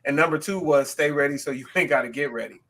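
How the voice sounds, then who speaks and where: A male podcast co-host from the West Coast of the US, talking in loose, animated chat. His voice sits a bit high for a man and comes across bright and forceful. He drops in quick self-aware asides.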